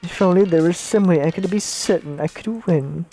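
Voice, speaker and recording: A woman with a low, mellow voice streams a story game. She reads the characters' lines aloud and breaks off for puzzled, offhand comments, while faint game music plays behind her. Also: normal speed. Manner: reacts with confused asides between read lines. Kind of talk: casual game stream, reading dialogue aloud.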